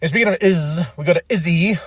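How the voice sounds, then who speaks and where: Speaking quickly with a breathy edge, this man hosts a podcast and casually recaps wrestling, stumbling through fillers and restarts while doing over-the-top impressions of what the wrestlers said. His slightly high voice is recorded dry and close, with no room sound.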